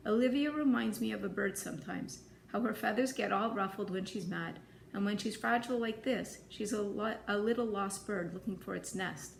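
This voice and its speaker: A woman reading a novel aloud in plain, even storytelling. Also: medium pitch, normal speed, creaky, roomy sound, a little hiss or hum. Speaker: audiobook reader.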